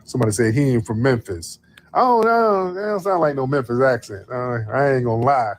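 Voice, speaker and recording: A man's voice: mid-range voice, fast, a little mellow, slight background noise. A man hosting a casual call-in livestream, loose and drawling, repeating his phrases as he talks to callers. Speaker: livestream host taking callers.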